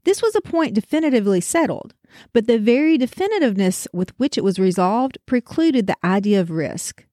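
A woman narrating a classic tale with theatrical flair. Her voice sits slightly high and swoops widely, heard dry and close. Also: brisk, dry recording. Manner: theatrical, expressive. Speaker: storyteller. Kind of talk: dramatic story retelling.

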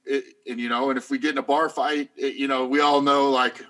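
A man's voice: mid-range voice, little pitch movement, a little fast, over a noisy crowd. A middle-aged man telling long, rambling stories in casual chat, full of fillers. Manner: rambling storyteller, many fillers.

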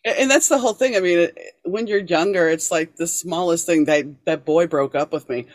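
A woman's voice: fairly low pitch, no room sound. Storytelling woman host, dry close sound. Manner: storytelling, animated when quoting, calm and measured between quotes. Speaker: podcast host. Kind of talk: casual interview conversation.

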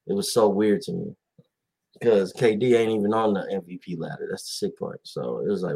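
Gravelly-voiced man ranting casually. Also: low-pitched, quick pace. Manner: animated, rambling with fillers and quoted voices. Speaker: podcast host. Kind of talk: casual chat about basketball.

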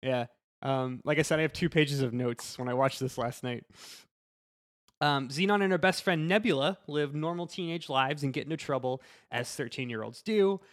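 A man's voice: medium pitch, moderate pace, dry recording, studio quality. A man on a podcast panel, recapping a movie in casual chat with fillers and laughs.

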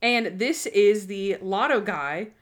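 A woman's voice: mid-range voice, lively intonation, slow pace, fairly bright tone. A woman co-hosting a casual podcast chat, talking with emphatic enthusiasm. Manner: enthusiastic, emphatic, retells scenes. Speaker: podcast co-host.

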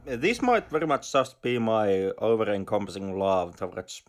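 A man's voice: on the low side, very animated, moderate pace. A man co-hosting a film podcast, talking casually with hesitant restarts. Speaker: podcast co-host.

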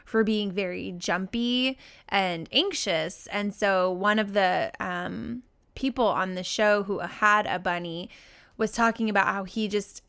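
A woman co-hosting a casual podcast, taking her time in an unhurried, deliberate way. Her voice is smooth and clear, and her thoughts come across as measured and reflective. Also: mid-range voice, fairly bright tone. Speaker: podcast co-host. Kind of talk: casual chat.

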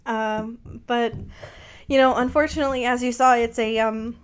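A woman's voice: on the high side, steady tone, moderate pace, clear, resonant tone. A woman podcast host who chats casually, jokes and laughs often, and reads fan fiction aloud. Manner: joking, laughs often, many fillers. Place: Seattle.

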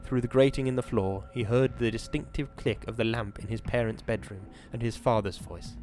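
A man hosting a podcast, giving a measured, dramatic reading of a horror novel and then chatting about it. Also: medium pitch, fairly even intonation, darkish tone, faint music behind. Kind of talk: dramatic reading and casual commentary.

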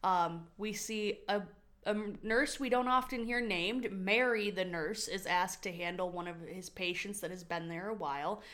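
A woman co-hosts a casual podcast about a TV drama. She summarizes the plot briskly, in an upbeat, conversational way. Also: medium pitch, fairly bright tone. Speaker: podcast co-host. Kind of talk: casual chat recapping a TV drama.

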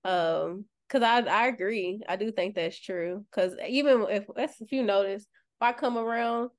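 Woman co-host on a chill podcast, thinking out loud, lots of um and like while she finds words, middle pitch. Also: moderate pace. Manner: reflective, searches for words, laughs softly. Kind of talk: casual podcast chat.

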